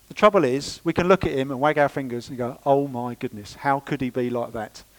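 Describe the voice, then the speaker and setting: A man preaching a sermon in church, lively and conversational with playful asides. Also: mid-range voice, brisk, low-quality recording. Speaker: pastor.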